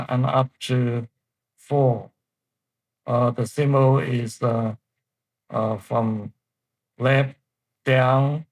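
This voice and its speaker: Slow, deliberate male language teacher. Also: mid-range voice, rough recording. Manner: slow, deliberate explanation with pauses. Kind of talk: online pronunciation lesson.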